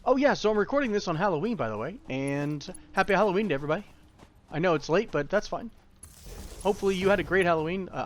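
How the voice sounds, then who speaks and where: A young gaming YouTuber with a high voice gives casual, rambling tutorial commentary while playing a factory-building game, tossing in self-deprecating asides. There's a little hiss or hum on the audio.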